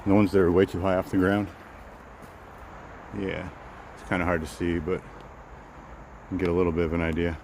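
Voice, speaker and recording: A man's voice: deep voice, level tone, normal speed, long pauses, darkish tone, a little hiss or hum, low-quality recording. A man casually chatting with live viewers while walking outdoors in the woods, rambling and repeating himself. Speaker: vlogger hosting a live walk.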